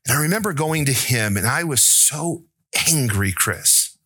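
Bright-voiced preaching man. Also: lively intonation, a little slow, breathy edge, no room sound. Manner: asks the congregation questions and tells jokes; rises to an emphatic, pleading pitch. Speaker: pastor. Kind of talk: sermon.

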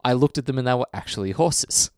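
A man's voice: medium pitch, lively intonation, a little mellow, clear, resonant tone, dry recording, clean studio sound. An Australian man hosting a casual podcast chat, reading out listener mail between asides. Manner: chatty, reads listener mail, slips into quick impressions. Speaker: podcast host.

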